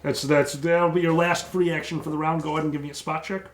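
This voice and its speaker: Echoey game master, slightly high voice. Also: male voice, flat delivery, noisy background. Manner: slows down for vivid descriptive narration. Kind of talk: narrating a tabletop game.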